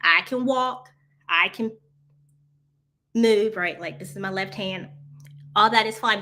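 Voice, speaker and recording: A woman with a mid-range, pushed, bright voice leads a casual live coffee chat. Rambling and chatty, she hops between topics, laughs often, and talks straight to viewers as y'all, answering their comments.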